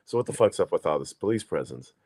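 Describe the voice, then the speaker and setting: Animated New man telling a wild story. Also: low voice, quick pace, husky. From New York. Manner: animated storyteller, swears, acts out quoted people. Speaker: podcast co-host. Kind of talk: casual storytelling chat.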